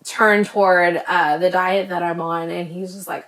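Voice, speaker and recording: A woman's voice: fairly low pitch, fairly even intonation, creaky, a bit bright. Chatty woman vlogger full of ums. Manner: chatty and rambling, many ums; says she stutters when talking fast. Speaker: vlogger recommending creators. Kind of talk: casual chat to camera.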